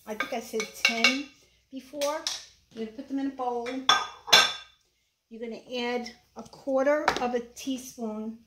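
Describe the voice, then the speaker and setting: Brooklyn woman, a bit high-voiced, opinionated home cook chatting over clattering pots. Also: fairly even intonation, unhurried, long pauses, heavy background noise. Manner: chatty, opinionated, frequent fillers. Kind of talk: casual cooking demonstration. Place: home kitchen. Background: clattering dishes and utensils.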